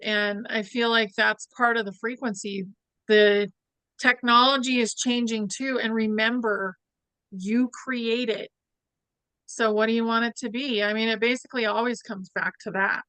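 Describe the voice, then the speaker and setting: A woman in a casual spiritual chat, relaxed and reflective. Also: fairly high pitch, normal speed, clear, resonant tone, no room sound.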